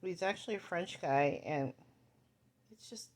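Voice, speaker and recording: A woman's voice: lowish voice, unhurried, a little mellow. A woman reviewing a TV movie in casual chat, rambling and correcting herself as she goes. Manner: rambling, chatty, self-correcting.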